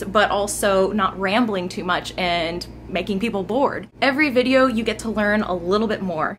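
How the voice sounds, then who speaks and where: A woman's voice: mid-range voice, a bit bright. A young woman giving a chatty, enthusiastic update on her gaming channel, recorded close on her smartphone at home. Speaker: gaming YouTuber. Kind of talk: informal channel update vlog. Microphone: smartphone camera mic held close. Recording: smartphone mic, faint background noise.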